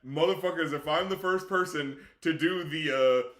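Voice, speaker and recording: A man's voice: fairly high pitch, moderate pace, a bit bright. A man who reviews rap music, chatting casually and profanely on a live stream, laughing often. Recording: echoey room.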